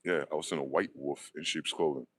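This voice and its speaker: A man's voice: very deep voice, steady tone, fairly quick, a bit bright, rough recording. A man ranting in a profane, combative monologue, asking questions and answering them himself. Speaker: online video host.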